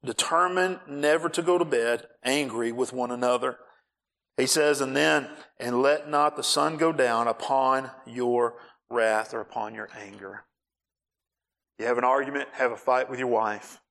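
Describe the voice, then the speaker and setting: A man preaching from the pulpit in a mid-pitched voice. He talks in an animated way, acting out little scenes and pushing his voice up for emphasis. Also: measured pace, creaky. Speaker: pastor. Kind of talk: sermon.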